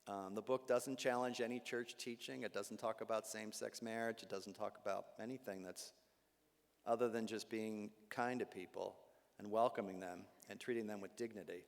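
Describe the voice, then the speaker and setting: A man, a Jesuit priest, giving a talk to a live audience with animated storytelling, humor and asides. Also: on the low side, normal speed, creaky. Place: large hall with live audience. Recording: long hall reverb.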